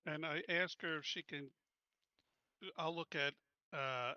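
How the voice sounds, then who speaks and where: Bright-voiced man playing a tabletop game. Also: fairly high pitch, fairly even intonation, takes it slowly, clear, resonant tone, no echo. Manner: talks out his character's actions. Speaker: player. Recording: dull lo-fi online call audio.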